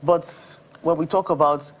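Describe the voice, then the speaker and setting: A woman from Nigeria co-hosting a television talk show, joining in with questions and quick agreement. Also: deep voice, fairly even intonation. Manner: engaged, quick agreeing interjections. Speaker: TV show co-host.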